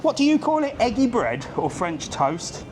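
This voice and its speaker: A man's voice: extremely high pitch, big pitch swings, normal speed, a little mellow. A British man livestreaming a travel vlog as he walks a resort strip, ranting bluntly and swearing casually while greeting people. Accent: British English. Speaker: travel vlogger. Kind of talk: live street walk-and-talk vlog. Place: outdoors on a busy resort strip. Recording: faint street noise behind the voice.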